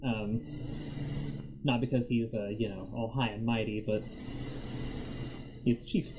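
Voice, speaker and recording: A man's voice: medium pitch, fairly even intonation, measured pace, noisy background. A man narrating a tabletop game as game master, rambling with many fillers and frequent laughs.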